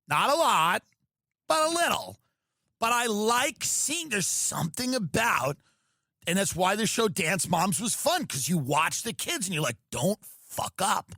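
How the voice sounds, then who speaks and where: A man hosting a podcast, riffing in a profane, animated comedic rant. His voice is bright and fairly high, and it sounds close and dry. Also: unhurried, vocal fry, dry recording. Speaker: podcast host.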